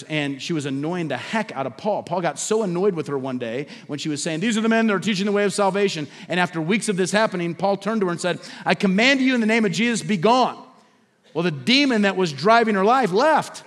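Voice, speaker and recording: A man preaching a sermon as pastor in a church, building up to loud emphatic lines and dropping to a hush. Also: on the high side. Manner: preaching with swelling emphasis and sudden drops to a hush. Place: church sanctuary. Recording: long hall reverb.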